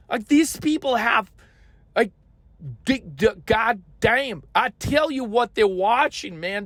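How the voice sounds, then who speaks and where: A man's voice: very high voice, fairly bright tone, no room sound. A man hosting a market commentary podcast, ranting in a profane, scolding and emphatic way.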